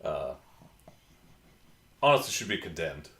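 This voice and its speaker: A man's voice: a bass voice, big pitch swings, a little slow, pushed and bright, reverberant. A man hosting a casual livestream, chatting and answering viewer comments from his home computer. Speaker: livestream host.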